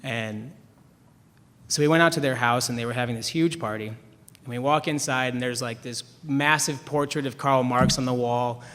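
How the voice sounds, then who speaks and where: Young male panelist, mid pitch, loose self-mocking storyteller, reverberant hall. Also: fairly even intonation, moderate pace, a bit bright. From Chicago, US. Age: young adult. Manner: rambling, self-deprecating, restarts often, laughs at himself. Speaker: writer on a panel. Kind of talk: anecdotal storytelling. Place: event hall with an audience.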